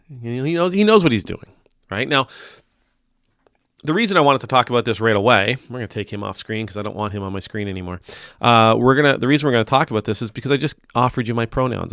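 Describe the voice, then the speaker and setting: A man's voice: lowish voice, fairly bright tone, clear, resonant tone, no echo, studio quality. A man, a priest, giving casual spoken commentary in a wry, teasing, conversational way.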